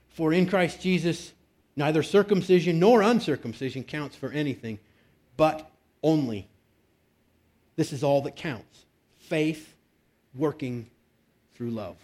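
A pastor delivers his sermon in a plain, conversational way. His fairly high voice rises into emphatic bursts on key points. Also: a little mellow.

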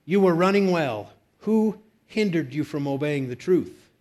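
A pastor delivers his sermon in a plain, conversational way. His fairly high voice rises into emphatic bursts on key points. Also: lively intonation, unhurried, a little mellow.

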